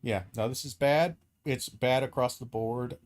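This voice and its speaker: Guy streamer going off on a rant, lots of swearing and stop-start sentences, normal pitch. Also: a little slow. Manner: heated, profane ranting with many restarts; acts out hypothetical dialogue in quoted voices. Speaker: streamer host. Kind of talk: live stream commentary.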